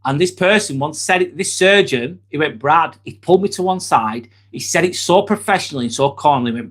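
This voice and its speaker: Male host in his 40s, slightly high-pitched, blunt and sweary, casual live-stream chat. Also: animated, brisk, few pauses, a bit bright. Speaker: livestream host.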